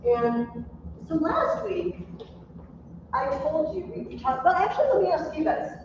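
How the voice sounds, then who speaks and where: A woman teacher giving a classroom lecture, telling stories with lively animation and laughing at her own tales. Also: extremely high pitch, unhurried, muffled recording, noisy background. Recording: echoey classroom from a distant mic.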